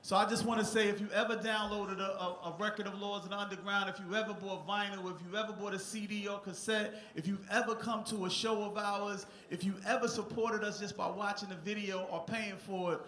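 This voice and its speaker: A man's voice: sits high, little pitch movement, brisk, few pauses, bright, forceful tone. A middle-aged man from New Jersey giving a rambling, heartfelt acceptance speech on a theatre stage, with many restarts. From Newark, New Jersey, USA. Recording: echoey theatre sound.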